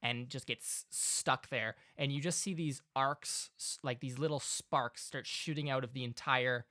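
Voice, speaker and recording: A man's voice: mid-range voice, steady tone, measured pace, bright, forceful tone, dry recording, studio quality. A man narrating a tabletop game as game master, rambling with lots of "like" and everyday comparisons.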